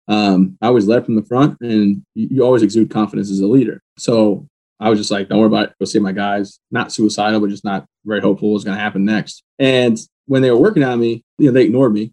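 A man in an interview, bluntly retelling the day he was badly wounded, matter-of-fact and steady. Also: on the low side. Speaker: guest. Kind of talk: personal storytelling in an interview.

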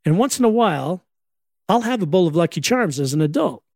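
A man's voice: high-pitched, lively intonation, fairly quick, vocal fry, darkish tone, no room sound, clean studio sound. An older man, a grandfather, telling family stories and jokes in a wry, storytelling way. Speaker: speaker on humor.

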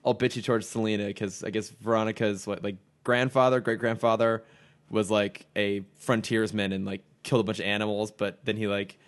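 A man's voice: on the low side, flat delivery, fairly quick. A man co-hosting a podcast, chatting casually and laughing easily as he recaps episodes. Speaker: podcast co-host. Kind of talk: casual chat.

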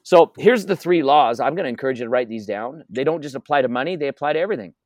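A North American man with a medium-pitched, expressive voice talks quickly in a dry, echo-free recording. He's being interviewed as a wealth coach, telling energetic stories with emphasis and repeating his key phrases.

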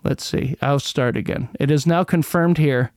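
A man's voice: a little high, normal speed, darkish tone, dry recording, clean studio sound. A man hosting a casual solo podcast, rambling and sarcastic, who stumbles over words as he reads out an old news article. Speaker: podcast host.

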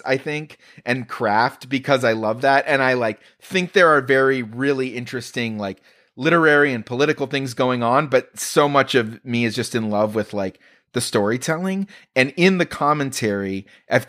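A man hosting a podcast, talking in a halting way as he searches for his words. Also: mid-range voice, fairly bright tone. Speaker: podcast host. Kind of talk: casual chat.

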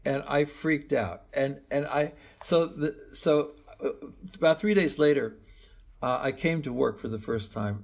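A middle-aged man speaks as an interview guest, his voice gravelly and a little husky. He tells a long personal story in a reflective, meandering way, often stopping to restart his sentences. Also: mid-range voice. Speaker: guest, medical school professor.

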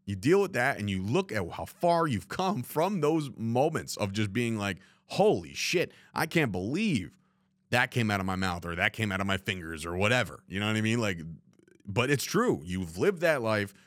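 A man's voice: on the low side, lively intonation, moderate pace, a bit bright, no room sound. A man hosting a solo podcast from a studio, talking candidly and rambling with swearing and lots of "you know what I mean.". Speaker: podcast host. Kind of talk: reflective solo podcast monologue. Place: studio room, alone.

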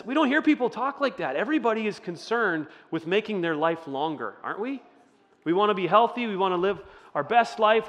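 Pastor guy, kinda high voice, chatty sermon w/ questions to the crowd, big echoey hall. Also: fairly bright tone. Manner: conversational, asks the audience questions. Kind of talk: interactive sermon.

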